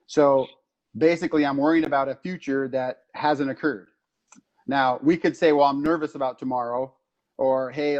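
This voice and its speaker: A man on a podcast explaining anxiety in a casual, animated way, acting out little stories as he goes. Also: mid-range voice, highs cut off. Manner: animated storytelling with acted-out quotes. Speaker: podcast co-host explaining psychology.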